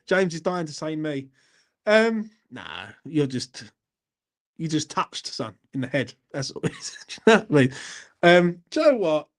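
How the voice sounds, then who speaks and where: A man talks casually on a live stream, sweary and blunt, often breaking into laughs. His voice sits a little higher than most men's. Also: sing-song, measured pace, long pauses. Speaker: YouTube channel host.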